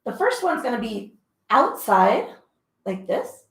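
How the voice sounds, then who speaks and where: A Pilates instructor leads a casual class, exercising along as she talks through each move, cues breaths, and counts reps. Her slightly high, a bit bright voice is sing-song and takes its time, and the room is echoey.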